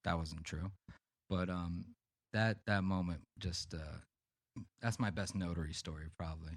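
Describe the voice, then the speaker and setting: A man's voice: sits low, unhurried, no room sound, studio quality. A man on a podcast telling a profane, rambling story in casual chat. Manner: rambling, profane, animated anecdotes. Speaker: podcast co-host.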